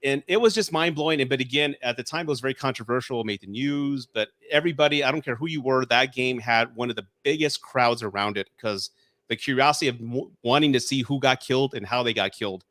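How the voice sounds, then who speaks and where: A man's voice: medium pitch, fast talker, a bit bright, no echo. A man in his forties, a guest on a casual podcast chat, telling nostalgic stories with many restarts. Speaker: guest reviewer.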